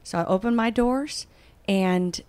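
A woman, a business founder telling her story in a casual interview, animated and acting out other people's voices. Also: medium pitch, unhurried, clear, resonant tone. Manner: animated, acts out quoted voices. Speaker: guest, bakery founder.

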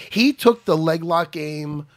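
A middle-aged man, co-hosting a casual podcast chat and telling swearing-laced fighting stories. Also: on the high side. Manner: animated, swearing storyteller. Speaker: podcast co-host, jiu-jitsu fighter.

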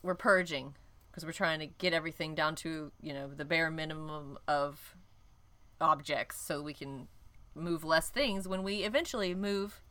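A woman's voice: sits low, steady tone, normal speed, fairly bright tone. A woman co-hosting a podcast, telling a story in rambling casual chat, laughing often and cutting herself off. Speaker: podcast co-host.

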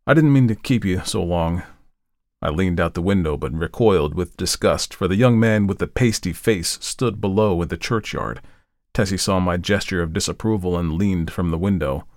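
A man narrating a horror story in a measured, deliberate way, slowing down for the grim parts. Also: low-pitched, no room sound, studio quality. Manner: measured, deliberate, slows for dread. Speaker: podcast host and reader.

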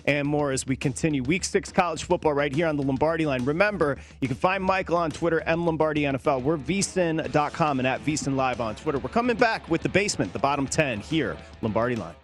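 A man co-hosting a college football betting show, briskly setting up games and tossing questions to his partner. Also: on the high side, lively intonation, soft background music. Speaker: co-host. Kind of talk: sports betting talk show chat.

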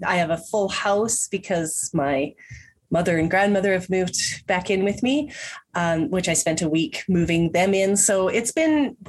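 A woman with a stuffy, husky voice talks at a middling pitch as a podcast guest. She rambles casually, restarting sentences and dropping small laughs. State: stuffy nose from a cold. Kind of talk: casual interview chat.

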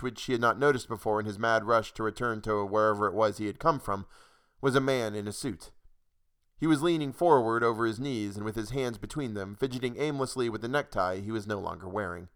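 A man narrating a short story in a measured, dry reading voice. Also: on the low side, a bit bright, clear, resonant tone.

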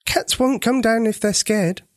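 A man voicing a calm, practical mother who gently explains things to children in a storybook. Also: high-pitched, unhurried, dry recording, studio quality, pitched above the performer's own voice.

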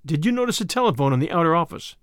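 A man reading aloud as a weary older male spymaster, measured and grave. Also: on the high side, lively intonation, a bit bright, no room sound, clean studio sound.

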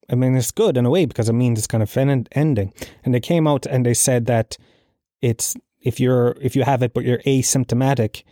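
Swearing Irish podcast host with a mellow tone. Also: male voice, mid-range voice, no room sound, studio quality. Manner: profane, ranting, laughs at own jokes. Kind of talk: solo podcast monologue.

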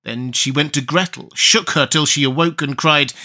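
A man narrating a fairy tale in a measured, expressive storybook reading. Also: a little high.

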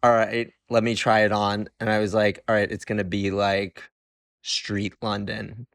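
Laid-back guy guest on a podcast, lowish voice, dry close mic. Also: little pitch movement, measured pace, creaky, no echo. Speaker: guest actor. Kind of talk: casual interview chat.

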